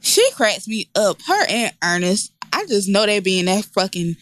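Co-host: a mid-pitched woman, teasing, profane, quick to laugh, casual chat. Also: big pitch swings, fairly bright tone, no room sound. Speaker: podcast co-host.

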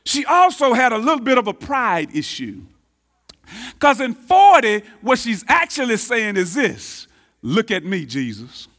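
Man, pastor preaching, very high voice, bright and sharp tone. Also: big pitch swings, measured pace. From Texas, United States. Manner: emphatic preacher, swinging from booming to hushed, repeats key phrases. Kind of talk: sermon.

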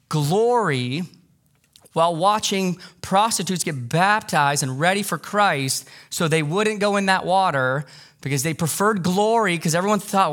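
Animated man preaching a sermon. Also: fairly high pitch. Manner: animated, acts out quoted voices, emphatic repetition. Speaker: pastor.

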